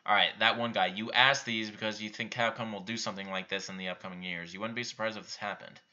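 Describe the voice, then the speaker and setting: Bright-voiced young man, offhand and blunt. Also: lowish voice, steady tone, quick pace, lo-fi sound. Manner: offhand, reads out questions and answers bluntly. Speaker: YouTube channel host answering viewer questions. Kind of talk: casual live-stream Q&A.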